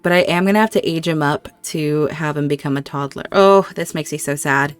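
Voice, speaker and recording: A woman's voice: sits low, a little fast, few pauses, clear, resonant tone, dry recording, faint music behind. A woman giving casual gameplay commentary, reacting emotionally and talking aloud to the characters on screen. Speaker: gameplay video host.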